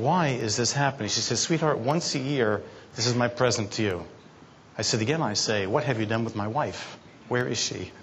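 A man's voice: medium pitch, fairly bright tone, a little hiss or hum. Playful storytelling man at a keynote. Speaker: keynote speaker. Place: conference hall.

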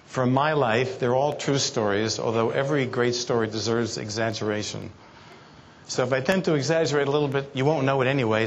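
A man's voice: mid-range voice, a little hiss or hum. A man giving a keynote talk at a conference, telling stories from his life in a playful, teasing way. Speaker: keynote speaker. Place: conference hall.

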